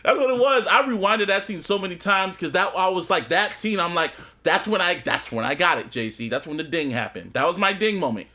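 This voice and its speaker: High bright-voiced guy on a podcast, super animated, doing little character voices while recapping an episode. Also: fairly quick, hardly any pauses, a little hiss or hum. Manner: animated, acts out scenes in quoted voices. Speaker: podcast co-host. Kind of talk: casual chat, recapping a TV episode.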